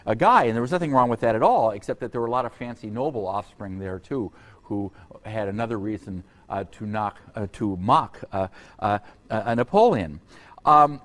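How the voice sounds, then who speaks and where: A man giving an unscripted university history lecture, halting often on fillers and restarts, with conversational asides to his students. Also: lowish voice, animated, a bit bright. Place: lecture hall.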